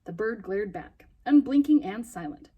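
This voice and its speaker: A woman reading a children's novel aloud in a lively, expressive way, with a husky voice. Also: medium pitch, normal speed, phone-quality sound.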